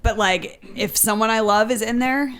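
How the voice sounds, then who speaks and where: A woman's voice: a little high, normal speed, fairly bright tone. A woman co-hosting a podcast, chatting casually and often laughing at herself. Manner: giggly, self-mocking. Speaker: podcast co-host. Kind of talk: casual group chat.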